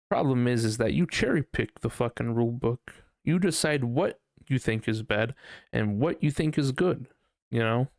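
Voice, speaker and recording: Male podcast host, gravelly voice, dry close sound, loose, profane, rambling solo chat. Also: mid-range voice, no room sound. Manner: rambling, profane, unsure musing. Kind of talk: casual solo podcast monologue.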